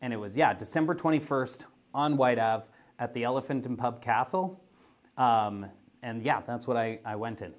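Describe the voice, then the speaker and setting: A man's voice: medium pitch, moderate pace. A man chatting casually on a painting livestream, rambling through a story with lots of "like". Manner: rambling storyteller, heavy use of "like". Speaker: guest painter. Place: gaming store.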